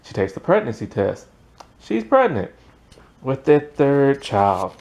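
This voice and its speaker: A man's voice: mid-range voice, big pitch swings, slow pace, a little mellow. A man giving a casual, rambling recap of a TV episode, peppered with "like" and laughing at the plot. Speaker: TV show reviewer.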